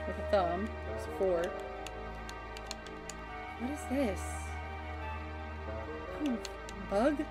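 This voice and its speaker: A woman streaming a video game live, chatting and swearing as she reacts to what she finds. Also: fairly high pitch. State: yawning, tired. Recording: game music underneath. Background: game music.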